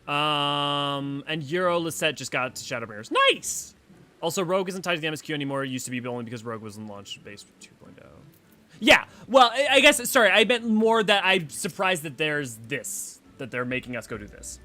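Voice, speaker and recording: A man's voice: fairly high pitch, expressive, a little fast, pushed and bright. A man giving rambling, casual commentary while streaming a game, thinking aloud with many fillers. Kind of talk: casual let's-play commentary.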